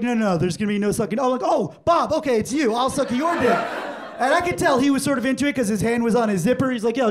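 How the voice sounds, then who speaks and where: A man in his forties doing a stand-up comedy set on a club stage, telling stories and acting out the exchanges in them. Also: sits high. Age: 40s. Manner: animated storytelling, acting out quoted exchanges. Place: comedy club stage before a live audience.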